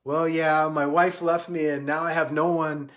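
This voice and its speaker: A man voicing a big, rough, drunk working man who is loud, pushy and defensive while telling a story. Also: on the high side, level tone, normal speed, pitched above the performer's own voice, natural voice. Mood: agitated.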